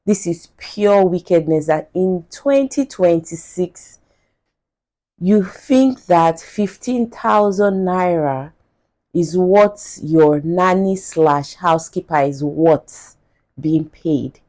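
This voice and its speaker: Reading a post aloud on her podcast, a woman from Nigeria speaks in a Nigerian accent, indignant and emphatic, drawing out repeated words. She has a lowish, mellow voice.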